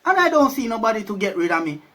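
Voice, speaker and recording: A man voicing an old male duppy ghost with a Jamaican accent, flat and unhurried. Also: high voice, full character voice. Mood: eerie calm.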